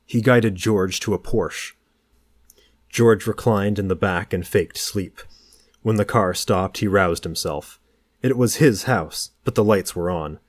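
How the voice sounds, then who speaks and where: Male audiobook narrator: deep, measured, dry close recording. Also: no room sound. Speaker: audiobook reader. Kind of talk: novel narration.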